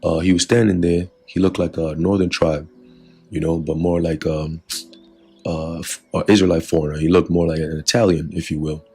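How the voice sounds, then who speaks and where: A man's voice: sits low, little pitch movement, moderate pace, a little mellow, breathy edge, soft background music. A man giving an informal religious lesson in a loose, conversational way, filling his talk with "you know" and "all right". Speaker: religious teacher.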